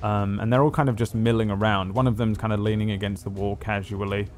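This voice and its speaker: Casting: low-voiced man as game master, loose rambling narration, faint music behind. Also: little pitch movement, quick pace. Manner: rambling, hesitant with many ums.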